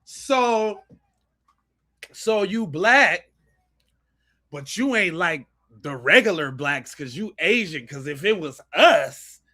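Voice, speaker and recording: A man hosting a live podcast, reacting to clips with loud mocking outbursts and slangy banter. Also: high voice, animated. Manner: quiet rapid aside to viewers. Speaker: podcast host. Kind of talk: live-stream reaction commentary.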